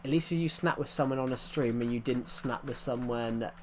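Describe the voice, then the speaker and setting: A young Englishman with an English accent talks casually while he streams a game. His voice sits at an ordinary middle pitch. He rambles along, repeats phrases and restarts sentences as he goes. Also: moderate pace, a little hiss or hum. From England.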